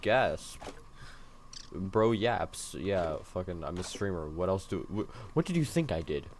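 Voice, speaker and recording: A man's voice: sits low, expressive, measured pace, a little hiss or hum. A man streaming a game, rambling and joking to himself and his viewers in a tired, self-mocking way. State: yawning, tired. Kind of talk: casual gaming stream chatter.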